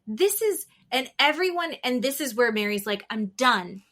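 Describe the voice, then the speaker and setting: A woman co-hosting a casual podcast recap, animated and swearing freely as she acts out quotes. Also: high voice, normal speed. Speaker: podcast co-host.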